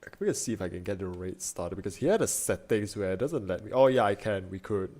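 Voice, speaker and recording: A young man streaming from his desk, talking loosely to his viewers. His voice sits a bit low, and he rambles through restarts and fillers as if thinking aloud. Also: animated, fast talker, a little mellow. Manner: rambling, many fillers and restarts, frequent laughs. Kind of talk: casual stream chat.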